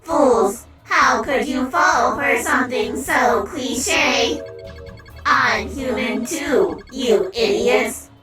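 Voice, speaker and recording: A woman's voice: high voice, animated, very slow, full character voice. An actress voicing a scornful, gloating woman who controls robots, in a game cutscene. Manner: mocking, gloating. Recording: distant echoey game audio with music.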